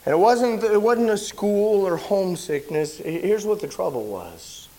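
A man preaching, telling a personal story in a sermon, animated and shouting at the big moments. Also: measured pace. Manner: animated storyteller, shouts at high points, drops low and quiet when somber.

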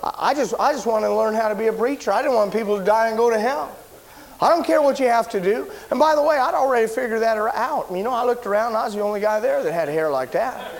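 A man preaching, telling a personal story in a sermon, animated and shouting at the big moments. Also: quick pace. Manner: animated storyteller, shouts at high points, drops low and quiet when somber.

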